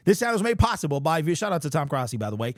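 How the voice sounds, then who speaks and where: A man in his forties talks through a casual sports-fan vlog in a rambling, chatty way, often restarting his sentences. His voice sits a little high for a man. The sound is dry and close, with no room echo. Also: big pitch swings, rapid-fire. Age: 40s. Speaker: sports YouTube channel host.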